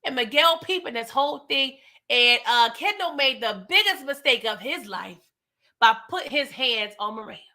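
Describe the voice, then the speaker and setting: A woman hosting a casual TV recap and review. She is animated and slangy, and talks straight to her viewers. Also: high-pitched, moderate pace. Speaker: TV recap host.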